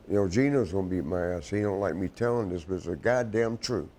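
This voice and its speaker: A man's voice: sits low, quick pace, hardly any pauses, darkish tone, a little hiss or hum. A man, telling a painful family story in a rambling, profane way and crying as he talks. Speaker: wrestling show guest. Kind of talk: emotional storytelling chat.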